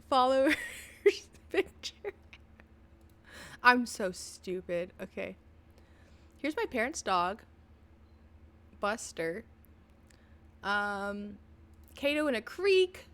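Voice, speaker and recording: A woman's voice: fairly high pitch, fairly bright tone. A woman streaming casually from her PC, chatting in a rambling way full of "like" and "um", giggling often. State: tearful at times. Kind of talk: casual live-stream chat. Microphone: desk microphone at a PC.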